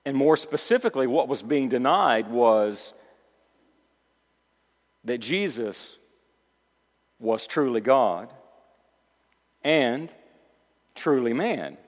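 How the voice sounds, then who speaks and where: Preaching in a big, echoing room, this male pastor has a mid-range, animated voice and a slow pace broken by frequent pauses. He alternates hushed reflections with loud proclamations, driving his points home by repeating key phrases.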